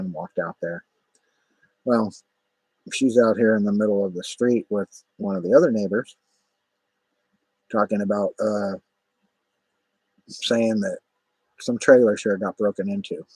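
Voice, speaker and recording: Low husky-voiced man rambling. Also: darkish tone, dry recording, poor audio. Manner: rambling, profane, many fillers. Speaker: vlogger. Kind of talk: casual spoken storytelling.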